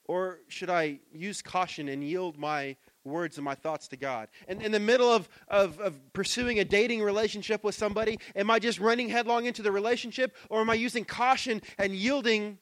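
A man in his thirties, a pastor, preaching a sermon in a church, conversational and personal, dropping to soft asides and rising to loud emphatic stretches. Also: high voice, dry recording.

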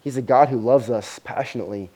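A male pastor with a mid-range voice preaches a sermon, telling a story quickly and with animation. At the dramatic moments, he gets loud.

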